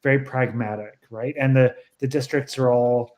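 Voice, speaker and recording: A man's voice: mid-range voice, steady tone, normal speed, a little mellow. A man speaking as a guest author in a casual book club discussion over a video call, thoughtful and rambling with many restarts.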